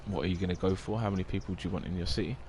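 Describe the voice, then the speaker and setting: A man's voice: low-pitched, fairly even intonation, very fast, a little mellow, slight background noise. A man, chatting casually on a live game stream, rambling and reading out viewer comments.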